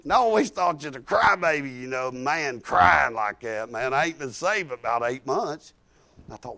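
A man's voice: a little high, very animated, moderate pace, creaky, a bit bright. A man preaching a sermon, telling his own story in a folksy, emphatic way with many restarts. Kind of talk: sermon with personal testimony.

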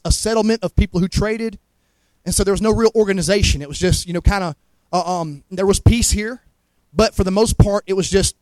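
A Southern man preaches a fervent sermon in a high voice. He stumbles over repeated words as he goes and keeps asking the congregation whether they follow him. The sound is close and dry. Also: no room sound, poor audio. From Montgomery, Alabama. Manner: fervent, repeats words, asks the crowd to agree. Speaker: guest preacher.

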